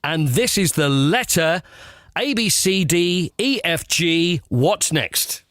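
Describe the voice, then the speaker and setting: A man, a sports radio presenter, chatting as a guest and telling playful stories in a comic, animated way. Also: fairly high pitch, slow, dry recording, studio quality. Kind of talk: comic casual chat.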